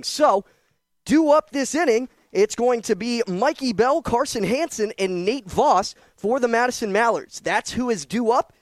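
Breathless high-voiced male baseball announcer. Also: dry recording. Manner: upbeat, chatty, apologizes for slips. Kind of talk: live radio play-by-play commentary. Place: ballpark press box in rain.

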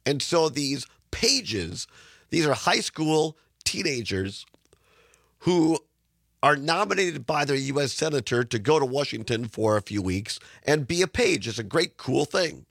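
A middle-aged male radio host speaks in a hoarse, raspy voice, gravelly and rough at the edges. He talks casually, circling back and repeating himself, close on a dry studio mic. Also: mid-range voice, a bit bright, dry recording. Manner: rambling, repeats words, chuckles. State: hoarse from sinus trouble. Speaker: radio talk show host. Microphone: studio microphone.

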